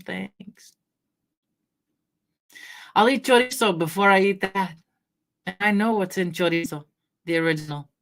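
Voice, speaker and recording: A middle-aged woman from Washington State chatting casually on a livestream, rambling through stories, laughing often and greeting viewers by name. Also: low-pitched. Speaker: livestream host. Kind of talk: casual chat with live chat readers.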